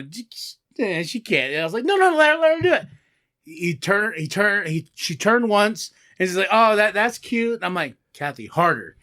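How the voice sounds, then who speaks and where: A middle-aged man with a notably high voice trades stories on a podcast, laughing often. He rambles through anecdotes and slips into quoted voices as he goes. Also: pushed and bright. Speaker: podcast co-host. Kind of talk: casual podcast banter.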